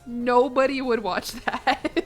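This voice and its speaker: A woman's voice: fairly high pitch, slow, faint music behind. A young American woman chatting casually while streaming a game, joking, self-mocking, and laughing often. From United States. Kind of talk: casual live-stream gaming commentary.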